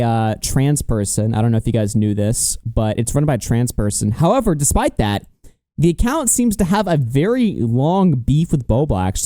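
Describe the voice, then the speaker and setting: A man's voice: medium pitch, warm tone, dry recording, studio quality. A man hosting a casual stream, commenting animatedly with frequent swearing and laughter. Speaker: streamer host.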